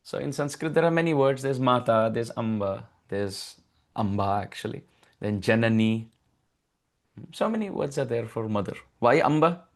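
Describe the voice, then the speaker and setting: A man teaches a devotional scripture class at an ordinary middle pitch. He recites Sanskrit verses and breaks into pleading, raised dialogue as he retells a story. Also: expressive, moderate pace. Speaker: spiritual teacher.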